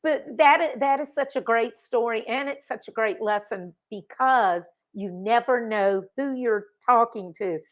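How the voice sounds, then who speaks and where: A woman's voice: on the high side, a little slow, hardly any pauses. A woman hosts a podcast in a casual chat and sums up the guest's points for her listeners in an agreeable way. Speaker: podcast host.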